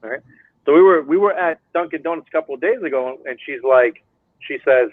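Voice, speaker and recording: A man's voice: a little high, a little fast, no echo. A man hosting a casual live-stream chat who tells joking stories and calls people "bro". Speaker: host. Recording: tinny phone-like line, dry.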